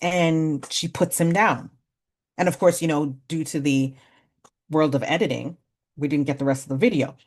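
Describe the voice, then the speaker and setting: A woman in her forties leading a parenting workshop, talking conversationally, laughing at herself and slowly counting out breathing exercises. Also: low voice, steady tone. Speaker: workshop facilitator. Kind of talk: guided breathing exercise and storytelling talk.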